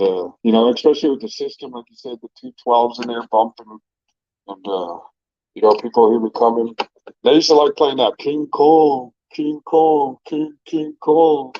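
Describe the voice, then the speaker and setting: A man's voice: medium pitch, no room sound, muffled recording. A man in casual storytelling mode, rambling with lots of fillers and frequent swearing, talking about his own run-ins. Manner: laid-back, profane, rambling with many fillers. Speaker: restaurant owner and vlogger.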